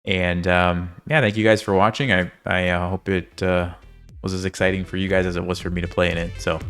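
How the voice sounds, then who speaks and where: A man's voice: sits low, fairly quick, clear, resonant tone, faint music behind. Upbeat man signing off. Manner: relaxed and upbeat, with filler words. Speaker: chess player and video creator. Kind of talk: casual outro to viewers.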